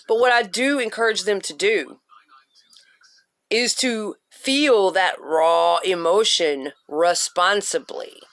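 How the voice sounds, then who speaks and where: A woman with a mid-pitched voice speaks straight to her viewers in a forceful motivational rant. She hammers points home with short repeated commands and casual swearing. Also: takes it slowly. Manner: blunt and profane, punchy repetition. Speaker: vlogger giving self-help advice.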